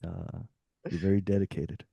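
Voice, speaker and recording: A man's voice: deep voice, level tone, moderate pace, gravelly, dark tone, slightly rough, no echo, dull audio. A young man from Australia and Bosnia, with a mixed Australian and Bosnian accent, chatting as a guest musician and rambling, often checking that he makes sense. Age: young adult. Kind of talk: casual interview chat.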